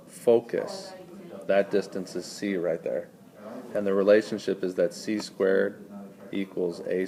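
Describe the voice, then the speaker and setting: Low gravelly-voiced male math tutor. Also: darkish tone. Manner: talks students through steps, quizzing them. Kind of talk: screencast math lesson.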